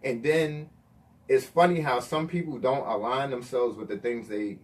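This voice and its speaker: A man's voice: mid-range voice, animated, normal speed, distant mic. Motivational man heard a bit off-mic. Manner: motivational, repeats himself with fillers. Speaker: radio show co-host. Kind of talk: faith-based radio talk.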